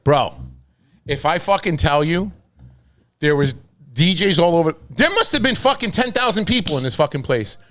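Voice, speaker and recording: A man telling wild stories on a podcast in a loose, profane, animated way. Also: fairly high pitch, normal speed. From New York. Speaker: podcast host. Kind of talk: casual storytelling.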